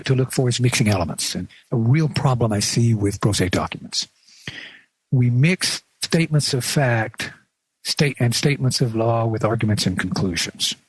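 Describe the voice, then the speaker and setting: A man presenting an instructional radio segment, plain-spoken and measured, with small restarts as he explains. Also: medium pitch, slightly rough, no room sound. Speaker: radio show presenter teaching.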